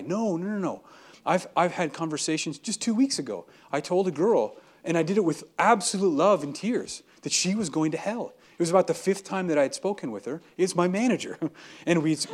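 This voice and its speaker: A young adult man giving an earnest, conversational sermon, acting out everyday dialogue as he speaks. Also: fairly high pitch. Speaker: preacher.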